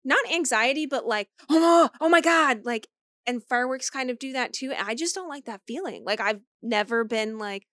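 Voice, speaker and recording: Woman cohost w/ a high voice, swears a lot, dry close mic. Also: normal speed, dry recording. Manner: loud, swears a lot, animated storytelling. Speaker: podcast co-host. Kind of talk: casual chat.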